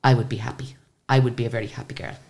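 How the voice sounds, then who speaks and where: An Irish woman with a very deep voice telling lively anecdotes in a casual interview. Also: very fast, vocal fry. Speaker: singer and guest.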